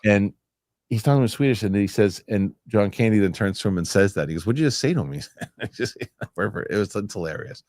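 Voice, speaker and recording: A man's voice: lowish voice, fairly quick, a little mellow, dry recording, clean studio sound. A man hosting a casual talk show, reading viewer comments and rambling through stories. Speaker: show host.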